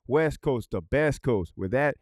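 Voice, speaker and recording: A man telling a story in a casual, profane way. He is blunt, swears heavily, chuckles between points, and swings between loud outbursts and low mutters. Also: expressive, unhurried, no echo, clean studio sound. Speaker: vlogger, prison guard commentator.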